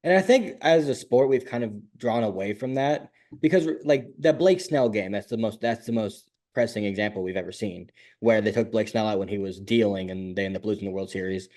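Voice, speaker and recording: A man with a darkish tone co-hosts a laid-back sports podcast. He talks in fast, opinionated bursts, now and then breaking into high-pitched mocking voices.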